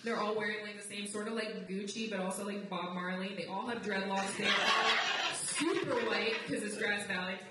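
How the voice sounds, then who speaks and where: A woman's voice: fairly even intonation, normal speed, few pauses. Young woman doing stand-up in an echoey room. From outside the United States. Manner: wry, conversational, swings into high mocking voices for quotes. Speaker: stand-up comedian. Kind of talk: live stand-up comedy. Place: live comedy venue with audience. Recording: roomy live recording from a distance, noisy.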